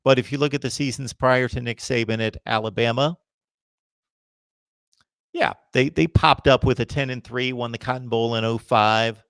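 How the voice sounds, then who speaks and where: A man's voice: medium pitch, steady tone, moderate pace, a bit bright, clear, resonant tone, no room sound. A man hosting a live college football chat, reading viewer comments and giving emphatic opinions. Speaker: host of a college football livestream.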